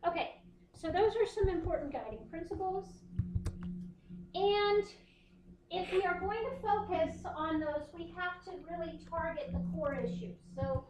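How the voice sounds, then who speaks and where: A woman's voice: very high-pitched, a little slow, a little mellow, echoey room, a little hiss or hum, poor audio. A woman instructor giving a conversational classroom lecture, often checking in with her students. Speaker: university instructor.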